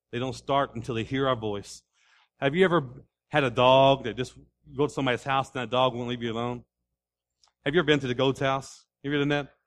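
A man preaching a sermon in a folksy way, building to loud repeated declarations. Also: mid-range voice. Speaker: pastor.

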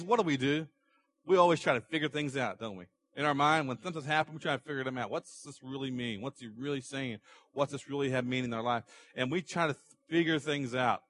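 Bright-voiced conversational male pastor. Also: a little high. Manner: conversational, repeats phrases, rhetorical questions. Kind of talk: sermon.

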